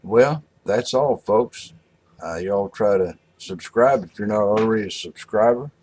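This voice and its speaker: A man's voice: on the low side, measured pace, a little mellow, low-quality recording. A man, a workshop YouTuber, telling a folksy joke in a casual, drawling way.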